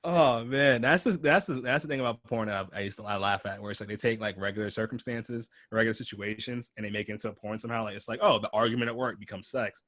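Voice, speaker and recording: A man's voice: fairly low pitch, quick pace, few pauses, fairly bright tone, dry recording. A young man hosting a podcast in loose, profane casual chat, laughing often. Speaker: podcast host.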